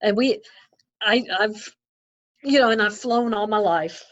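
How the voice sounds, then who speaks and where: A woman guest on a video-call interview, a missionary telling lively stories and acting out her own remarks. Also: medium pitch, unhurried, dry recording. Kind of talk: casual interview. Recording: slightly dull lo-fi audio.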